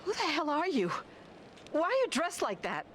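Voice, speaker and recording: A woman's voice: high-pitched, wildly swooping pitch, normal speed, fairly bright tone, a little hiss or hum, heavily acted. An actress playing a brash, blunt woman, agitated and confrontational. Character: brash, blunt woman lost in a haunted town.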